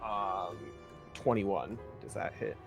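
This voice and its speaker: A man's voice: deep voice, slow, music in the background. A man playing a tabletop game, thinking aloud about rules and rolls in hesitant casual chat.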